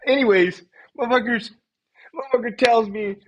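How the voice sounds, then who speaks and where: A man's voice: very high voice, normal speed, muffled recording, background noise. A man telling a story on a live stream, swearing freely and laughing often. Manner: animated, profane, laughs often. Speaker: livestream host.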